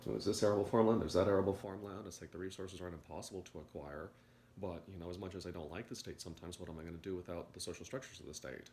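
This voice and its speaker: A man giving a rambling morning monologue to a video audience, halting and repeating words as he goes. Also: sits low, steady tone, a little mellow, echoey room, a little hiss or hum. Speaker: video commentator.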